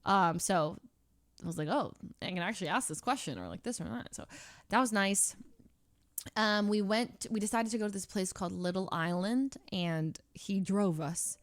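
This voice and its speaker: A young woman chatting to her stream in an everyday mid-range voice, rambling through a story with lots of fillers and false starts. She stays lively and laughs often. The sound is dry and close, with no room echo. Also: mid-range voice, moderate pace. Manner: rambling, many fillers and restarts. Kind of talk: casual story-telling to stream chat.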